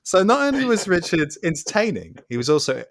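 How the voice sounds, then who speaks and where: A man's voice: a little high, very animated, a little fast, dry recording, studio quality. A young man telling stories animatedly in a casual podcast chat, laughing often. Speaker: podcast co-host.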